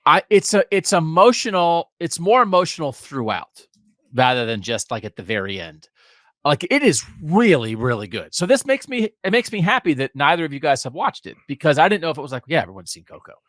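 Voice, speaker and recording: A man with a fairly high voice hosts a podcast and talks with lots of swing in his pitch. He jokes and gushes with enthusiasm, and the sound is dry and close. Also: fairly quick, no echo. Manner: animated, joking, enthusiastic. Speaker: podcast host. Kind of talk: casual podcast chat.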